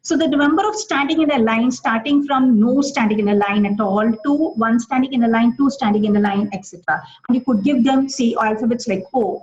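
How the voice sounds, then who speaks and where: A middle-aged woman with an Indian English accent leads a teacher webinar. Her fairly high voice comes through muffled, lo-fi video-call audio. She piles up classroom examples with many fillers and restarts. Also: a little mellow. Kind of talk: live webinar talk answering questions.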